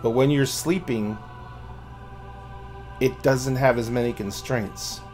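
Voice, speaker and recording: A man voicing a calm spirit that shares a mind with another, speaking slowly and quietly over soft music. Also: mid-range voice, natural voice. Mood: grave.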